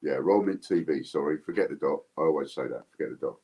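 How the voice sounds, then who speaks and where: A man's voice: very deep voice, quick pace, dark tone, slightly rough. A man hosting a casual livestream chat over an iPad video call, rambling and repeating himself as he goes. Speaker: host.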